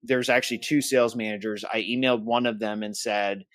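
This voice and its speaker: A man's voice: on the low side, steady tone, fairly quick, a bit bright, no echo. A man co-hosting a podcast, casually retelling a tense phone call and quoting both sides in his own voice. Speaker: podcast co-host. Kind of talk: casual storytelling.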